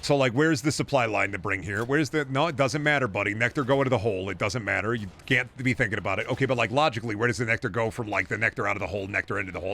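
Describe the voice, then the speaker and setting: Bright-voiced rambling gaming streamer man. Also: fairly low pitch, rapid-fire, creaky, few pauses. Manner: rambling, profane, bursts into excited rants. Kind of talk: live game-stream commentary.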